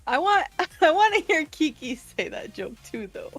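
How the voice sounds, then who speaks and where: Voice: high voice, sing-song, moderate pace, a bit bright, dry recording, faint music behind, low-quality recording. A co-host on a casual show, giggly and playfully argumentative. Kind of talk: casual live-stream chat.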